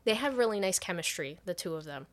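Talking fast in a lowish voice, this woman co-host runs through a movie's plot on a podcast. She curses without restraint and voices the characters' quotes in an animated, casual recap.

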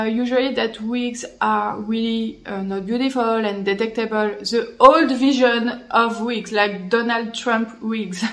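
Brief: French-accented woman host, French as her first language, slightly high voice, friendly casual tips, hunts for words, light jokes. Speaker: podcast host and hair-piece brand owner. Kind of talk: casual explanatory talk to camera.

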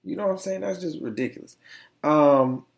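A man's voice: on the high side, moderate pace, gravelly. A young man hosting a casual solo podcast, rambling and slangy as he tells stories with plenty of animation. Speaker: podcast host.

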